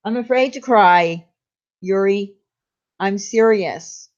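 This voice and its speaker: A woman's voice: medium pitch, slow, highs cut off. A woman hosting a casual live chat with viewers, speaking candidly and confidingly and greeting them by name. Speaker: live stream host.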